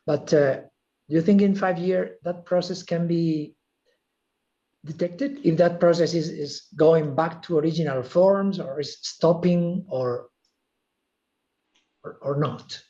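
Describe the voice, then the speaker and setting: Spanish-accented man, careful halting question. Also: fairly high pitch, steady tone, dark tone, lo-fi sound. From Spain. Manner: careful, halting, apologetic English. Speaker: visiting professor asking a question. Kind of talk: seminar question from the audience.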